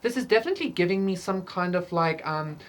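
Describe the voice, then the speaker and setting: Talking fast in an expressive voice that sits on the low side, a woman rambles through a casual pick-a-card tarot reading. She swears freely, uses lots of fillers and laughs often.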